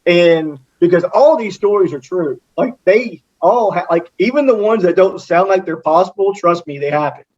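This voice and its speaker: A man's voice: sits high, expressive, normal speed, hardly any pauses, a little mellow, dull audio. A man from Texas, a podcast guest, talking loosely with many fillers and frequent laughter. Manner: rambling, heavy on fillers, laughs often. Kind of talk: casual chat.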